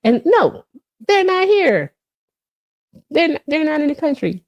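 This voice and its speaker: A woman in her thirties hosts a casual live stream, chatting straight to her viewers and answering their comments. Her pitch swings widely and her delivery stays loose and talkative, full of fillers. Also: very animated, unhurried, muffled recording.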